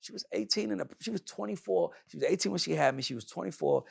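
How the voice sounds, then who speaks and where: Gravelly, blunt man talking candidly. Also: high-pitched, fast, dry recording, clean studio sound. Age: adult. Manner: blunt and emphatic, swears freely. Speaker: podcast guest, music manager. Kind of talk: candid conversational storytelling.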